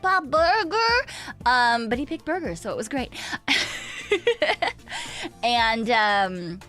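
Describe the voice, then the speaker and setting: A woman's voice: on the high side, animated, slow, a bit bright, faint music behind. A young woman, streaming and telling a rambling story in casual chat, swearing freely. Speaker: VTuber streamer.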